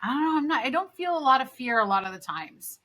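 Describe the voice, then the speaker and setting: Bright-voiced woman hosting a podcast. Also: sits high, very animated, quick pace. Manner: frank and chatty, swears casually. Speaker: podcast host. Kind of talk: casual podcast chat.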